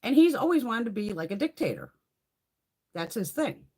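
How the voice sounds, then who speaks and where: A middle-aged woman hosting a live chat, ranting in a heated, profane, animated way. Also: on the high side, moderate pace, slightly rough. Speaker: live stream host. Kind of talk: casual live chat rant.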